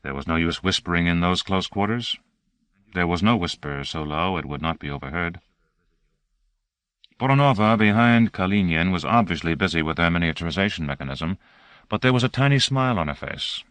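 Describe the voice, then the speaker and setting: A man narrating an audiobook in a steady, measured reading. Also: low voice, clear, resonant tone, no room sound.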